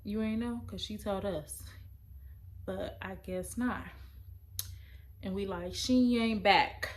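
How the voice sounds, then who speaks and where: A young adult woman, telling a personal story in a casual, emotional, halting way. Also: mid-range voice, fairly even intonation, darkish tone.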